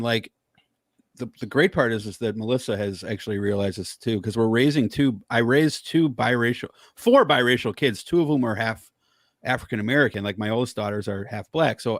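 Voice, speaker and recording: A man's voice: mid-range voice, dry recording. Fired-up guy ranting about something, swears a lot, dry close mic. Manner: heated, profane storytelling. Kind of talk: casual chat.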